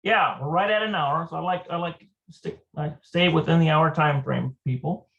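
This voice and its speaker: This Hebrew instructor runs a live internet lesson, pausing uncertainly and saying words again at a slow pace while thinking aloud. The voice is mid-pitched and gravelly with a fairly bright tone, and the audio is lo-fi.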